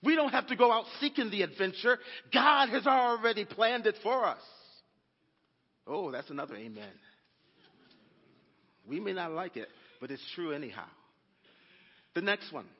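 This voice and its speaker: A man's voice: sits high, expressive, moderate pace, long pauses, slightly rough. A man preaching a sermon as a pastor, calling out to his congregation. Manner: preaching with call-and-response asides to the congregation. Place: church sanctuary. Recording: dull, echoey church recording.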